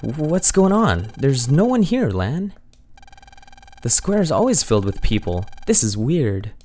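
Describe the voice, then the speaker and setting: A man's voice: mid-range voice, very animated, a little slow, a little mellow, slight background noise. A man voicing an earnest young male hero robot from a video game, reading its lines eagerly. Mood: worried. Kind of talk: reading game dialogue aloud.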